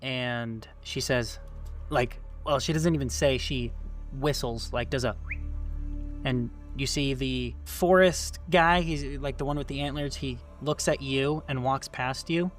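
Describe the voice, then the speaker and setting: A man's voice: medium pitch, a little slow, faint music behind. A man narrating a tabletop role-playing game as game master, talking loosely with many fillers and restarts.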